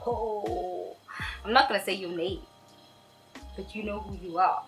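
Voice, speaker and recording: A woman's voice: medium pitch, unhurried, fairly bright tone, soft background music, low-quality recording. A young woman from South Africa, answering viewer questions in a sassy, playful casual chat straight to her viewers. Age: young adult.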